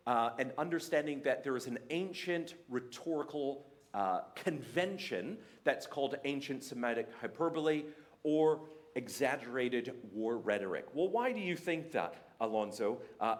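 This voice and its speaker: Lively Canadian man giving a church talk. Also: mid-range voice. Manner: animated, jokey, mimics other voices. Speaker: speaker at a church faith day. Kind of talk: sermon-style talk with humour.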